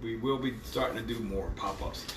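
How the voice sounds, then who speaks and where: A man's voice: lowish voice, brisk, reverberant, far from the mic, heavy background noise. A middle-aged man, hosting a casual cooking livestream with playful exclamations, in a home kitchen. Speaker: home cook and host. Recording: kitchen with clattering dishes.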